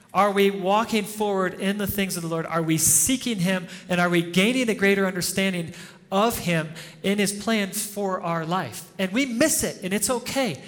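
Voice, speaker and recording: Higher-voiced pastor in a reverberant hall. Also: male voice, a bit bright. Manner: informal storytelling, chuckles often. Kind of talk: conversational sermon. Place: church hall before a congregation. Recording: long reverb of a church hall.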